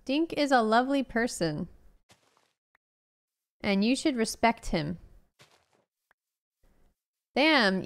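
A young woman chats her way through a game stream, her voice sitting a little high for a woman. She keeps a loose, playful patter going, reacting to chat and muttering to herself between moves. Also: animated, slow pace, pauses often, clean tone. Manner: chatty, playful, talks to chat while playing. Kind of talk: casual gameplay commentary.

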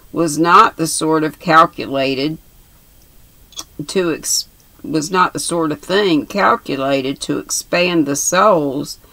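A woman's voice: deep voice, gravelly, a bit bright, no echo, heavily acted. A woman reading aloud who voices a pompous young man in grand, mock-formal speech. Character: pompous young male idler, flowery speech.

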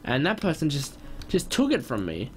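A young man giving excitable gameplay commentary, quick to get frustrated and loud when things go wrong. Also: a little high, slight background noise. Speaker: gaming channel host.

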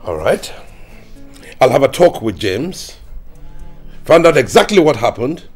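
A defensive doctor. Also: male voice, mid-range voice, sing-song, measured pace, soft background music. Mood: curt. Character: defensive man accused of shielding a young man. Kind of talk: Nollywood film acting.

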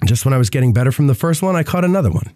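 A man's voice: mid-range voice, lively intonation, rapid-fire, mellow, no echo, studio quality. A man hosting a casual chat, congested from a cold and rambling with lots of fillers. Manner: rambling, self-interrupting with many fillers. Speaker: podcast host.

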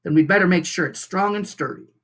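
A teacher reading aloud and voicing a grumpy, stubborn male beaver who mutters in a lower, quieter voice. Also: fairly quick, close to an everyday voice.

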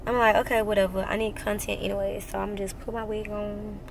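A woman's voice: medium pitch, flat delivery, brisk, vocal fry, a little hiss or hum. A sleepy woman chatting casually with slang into a phone camera in her parked car at night. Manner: casual, slangy and chatty, drawling tired speech. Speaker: vlogger. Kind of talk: casual vlog chat.

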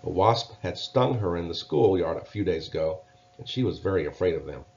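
A man reading a children's storybook aloud in a gentle, measured way. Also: low-pitched, expressive. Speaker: narrator. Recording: dull lo-fi recording.

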